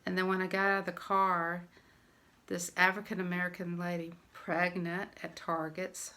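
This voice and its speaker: A woman's voice: fairly low pitch, level tone, moderate pace, sharp tone. An older woman with a Southern US accent, telling a personal story in a rambling, emotional vlog. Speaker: vlogger.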